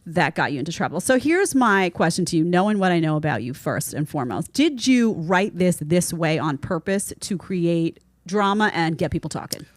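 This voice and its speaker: A woman's voice: fairly low pitch, no echo. Chatty New York woman hosting. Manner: animated and chatty, quick asides. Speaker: show host. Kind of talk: casual podcast chat.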